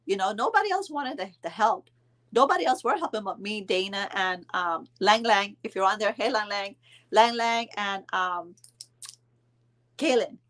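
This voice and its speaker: A woman's voice: medium pitch, moderate pace, a bit bright. A middle-aged woman telling a story to camera, retelling a family feud with indignant quoted dialogue and mild cursing. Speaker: storyteller vlogger. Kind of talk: casual storytime vlog.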